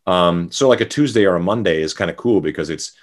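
A man's voice: sits low, quick pace. A middle-aged man from Canada, a musician chatting casually as an interview guest, rambling with many fillers and restarts.

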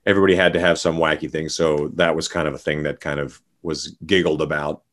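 A man's voice: extremely low pitch, little pitch movement, fast. A middle-aged man from Canada, a musician chatting casually as an interview guest, rambling with many fillers and restarts.

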